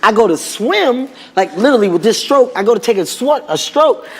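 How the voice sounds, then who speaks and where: A man's voice: very high-pitched, a little fast. A man telling comic stories as a talk show guest, acting out the voices and laughing as he goes. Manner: animated, acts out voices, laughs mid-sentence. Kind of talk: comedic storytelling. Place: TV studio before an audience. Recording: reverberant studio with loud noise.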